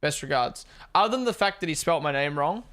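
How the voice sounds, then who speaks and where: A man's voice: fairly high pitch, lively intonation, quick pace, fairly bright tone. A young man with a mixed Australian and New Zealand accent, hosting a live watch-along stream in casual, sweary chat, answering his viewers. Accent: Australian-New Zealand blend. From born in Australia, raised in New Zealand.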